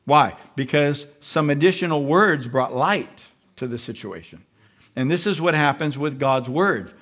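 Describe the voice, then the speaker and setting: Male pastor, live church sermon, high bright voice, lively and animated. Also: unhurried. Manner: animated, acts out voices of the flesh and believers. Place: large church.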